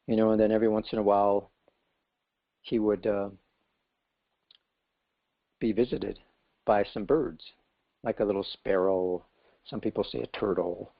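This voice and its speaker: A man's voice: lowish voice, steady tone, unhurried, creaky, long pauses, no room sound. A man giving a scripture class, telling a story in a casual way with many fillers. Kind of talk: storytelling lecture. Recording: dull lo-fi class recording.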